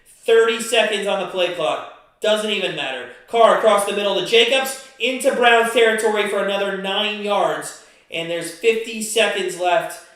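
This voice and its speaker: A man hosting a live stream, giving excited play-by-play of a football game and breaking into angry shouts and swearing. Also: high-pitched, moderate pace. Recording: very echoey room.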